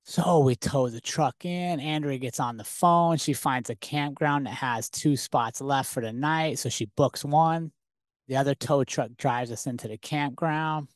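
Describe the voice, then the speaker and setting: A man hosting a podcast, telling a personal story in a lively, conversational way full of rhetorical questions. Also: mid-range voice, dry recording, clean studio sound. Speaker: podcast host. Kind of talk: casual storytelling monologue.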